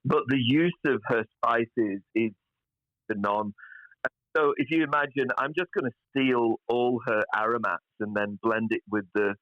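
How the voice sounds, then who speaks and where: Blunt, sweary chef. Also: male voice, medium pitch, normal speed, dry recording. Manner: blunt, swears freely, animated. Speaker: chef guest. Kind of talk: casual podcast chat. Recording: dull lo-fi sound.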